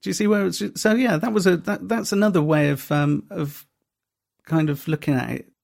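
A man's voice: on the high side, steady tone, moderate pace, vocal fry, darkish tone. A man co-hosting a podcast, musing aloud and asking questions in casual chat. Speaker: podcast co-host.

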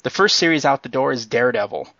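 A man with a gravelly, fry-edged voice co-hosts a podcast, reading news with plenty of "um"s and laughs. He sounds giddy. The recording is dry and somewhat muffled. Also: medium pitch, fast talker, no room sound. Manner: excited, laughs often, reads news with fillers. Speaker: podcast co-host. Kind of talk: casual news chat.

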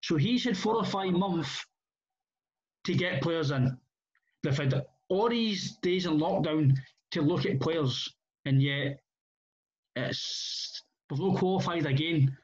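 A man's voice: fairly high pitch, slow pace. A Scottish man in casual football chat, blunt and rambling, swearing freely with many restarts. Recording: muffled lo-fi audio.

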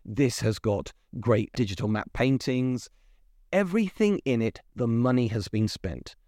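A man's voice: mid-range voice, expressive, unhurried, dark tone, no room sound, clean studio sound. A man hosting a podcast, giving a chatty, opinionated spoken review full of rhetorical questions. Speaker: podcast host reviewing a series.

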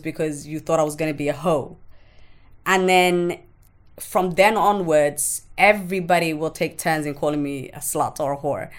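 A woman appears as a podcast guest, frankly and bluntly recounting her own life in conversation and swearing freely. Her voice is lowish and fairly bright, at a normal speed.

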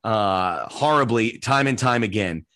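A man's voice: fairly low pitch, lively intonation, a little slow, bright, forceful tone. A man hosting a soccer podcast, talking in a rambling, chatty way with frequent restarts. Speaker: podcast host. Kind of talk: casual podcast chat and commentary.

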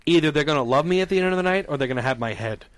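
A man's voice: fairly high pitch, lively intonation, very fast. A man hosting a podcast in casual chat, telling stories in a rambling way with restarts and fillers. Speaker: podcast host. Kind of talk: casual chat over beers.

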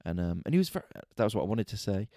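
A man hosting a podcast, telling a story in an exasperated, sweary, animated rant. He is a stand-up comedian talking casually. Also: on the low side, fast talker, no room sound. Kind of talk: casual ranting monologue.

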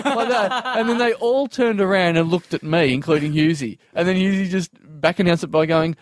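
A man's voice: high voice, a little fast, hardly any pauses. A man telling a comedy story in casual podcast chat, acting out quoted voices and laughing often.

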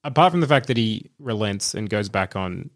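A man's voice: on the low side, expressive, moderate pace. A man co-hosting a casual film podcast, steering the talk and asking the others questions. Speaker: podcast co-host. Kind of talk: casual chat about a film.

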